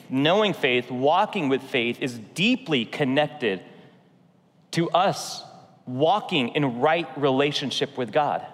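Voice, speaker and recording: A man preaching a sermon as pastor, in an earnest, conversational way with slow, emphatic repeats. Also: medium pitch, fairly bright tone, in a large hall. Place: church sanctuary.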